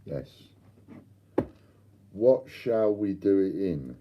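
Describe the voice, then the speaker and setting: Deep-voiced chatty man. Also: animated, extremely slow, muffled recording. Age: older. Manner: chatty, bantering, reads out viewer comments. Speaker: live stream host. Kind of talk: casual chat to live viewers.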